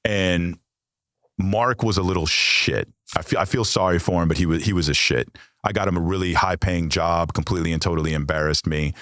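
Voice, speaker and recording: A man's voice: deep voice, a little fast, fairly bright tone, no room sound, clean studio sound. An American man, a podcast guest, candidly telling a personal story with blunt, frequently profane language. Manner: blunt, heavy swearing.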